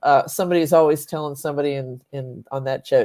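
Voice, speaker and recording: A woman journalist on a panel, blunt and quick to laugh. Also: low voice, fairly even intonation, mellow. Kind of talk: casual panel chat.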